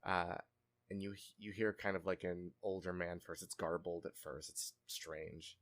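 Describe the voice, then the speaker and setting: A man narrating a tabletop game as game master, relaxed and hesitant with fillers. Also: low voice, unhurried.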